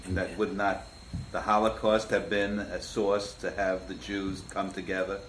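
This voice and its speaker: A man interviewing, asking measured, probing questions. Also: deep voice, flat delivery, fairly bright tone, reverberant, a little hiss or hum.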